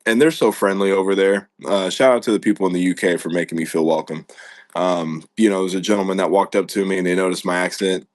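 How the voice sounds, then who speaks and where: A man's voice: deep voice, fast talker, no room sound, clean studio sound. A man from the United States hosting a podcast, chatting casually, rambling and laughing often as he talks. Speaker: podcast host.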